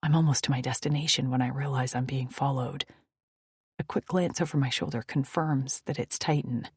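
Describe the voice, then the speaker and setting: A woman narrates a first-person romance audiobook in a hushed, breathy voice. Her tone is low and husky. The recording is close and dry, with no room sound. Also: steady tone, moderate pace, dry recording.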